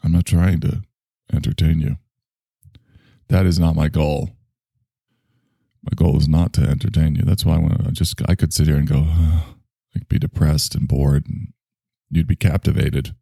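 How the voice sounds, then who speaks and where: A man's voice: a bass voice, little pitch movement, moderate pace, gravelly, long pauses, mellow, dry recording, studio quality. A man hosting a solo podcast, rambling in a sardonic, self-mocking way with frequent sighs. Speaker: podcast host.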